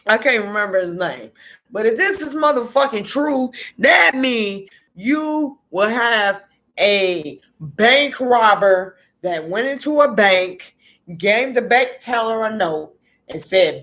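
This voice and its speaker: A woman with a fairly high-pitched voice delivers a fiery political rant straight to her audience. She is blunt and profane, and drives each point home by repeating it. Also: fairly bright tone. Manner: heated, profane, emphatic; repeats words for emphasis. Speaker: political commentator. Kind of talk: ranting political commentary.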